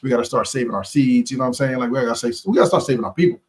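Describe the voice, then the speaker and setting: A man's voice: mid-range voice, very fast. A man hosting a live stream, giving an impassioned, preachy motivational talk in casual slang, repeating phrases for emphasis and talking straight to his viewers.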